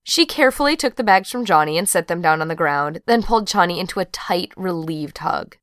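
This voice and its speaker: A woman reading a novel aloud as narrator, even and steady. Her voice sits a bit low. The sound is dry and close to the mic. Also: a little fast, no room sound. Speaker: audiobook narrator. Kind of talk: scripted narration.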